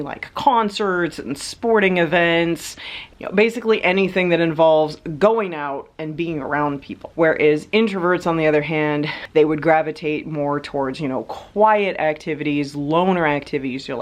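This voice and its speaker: A woman vlogger chatting casually, rambling with lots of hedges and fillers. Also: low-pitched. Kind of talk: casual chat.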